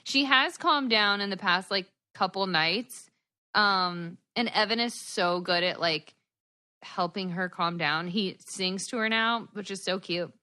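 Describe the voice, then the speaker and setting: A woman co-hosting a podcast in casual chat over a video call, a tired new mother talking in a bubbly, animated way with lots of laughter. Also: mid-range voice, unhurried. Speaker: podcast co-host. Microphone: headphones on a video call.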